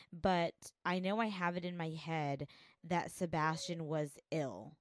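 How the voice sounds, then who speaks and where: Female co-host, lower voice, candid sweary chat, dry close sound. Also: dry recording. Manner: frank and emotional, swears freely. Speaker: podcast co-host. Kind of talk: casual chat recapping a show.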